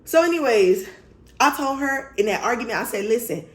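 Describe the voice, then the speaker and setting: A woman tells a story to her viewers in casual storytime fashion, animated, blunt and full of swearing. Her voice sits a little higher than most, and the room around her rings with a clear echo. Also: fairly quick. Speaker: vlogger.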